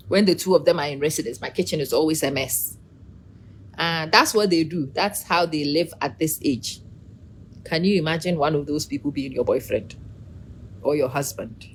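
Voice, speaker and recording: A middle-aged woman giving a casual, animated opinion monologue, preachy and teasing, calling out to viewers by name. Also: deep voice, slight background noise. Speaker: vlogger.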